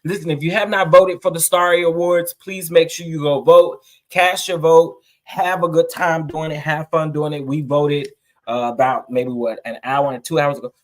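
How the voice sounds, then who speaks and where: A man chats casually on a live vlog, greeting viewers by name. He talks with emphatic, preachy feeling that turns emotional. His voice sits slightly higher than most men's. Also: level tone, moderate pace. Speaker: vlogger.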